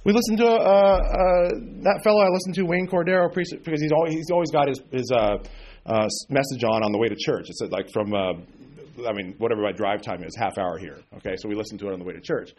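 A man's voice: mid-range voice, fast, darkish tone. A man preaching an informal sermon, blunt and sarcastic, with folksy asides. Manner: mocks emotional prayers in exaggerated voice.

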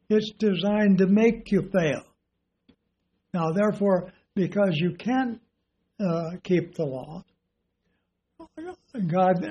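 A man preaching a sermon, teaching slowly and deliberately and asking his listeners rhetorical questions. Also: high voice, breathy edge, dull audio.

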